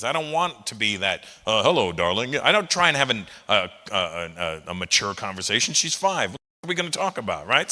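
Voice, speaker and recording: A middle-aged man doing a stand-up comedy set, animated and breaking into loud shouted impressions. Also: medium pitch. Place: live comedy venue with an audience. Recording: long reverb of a large hall.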